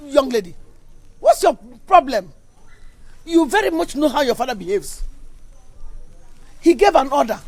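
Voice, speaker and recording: A furious Nigerian queen mother. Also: very high voice. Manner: scolding, imperious, rapid-fire questions. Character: stern royal mother, commanding, easily angered.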